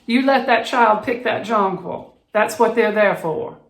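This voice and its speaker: A woman's voice: mid-range voice, a little slow, roomy sound, voice pushed up, natural voice. A vlogger putting on a refined elderly Southern lady in her eighties, with an elevated, non-rhotic Southern accent. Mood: gently insistent. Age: 80s.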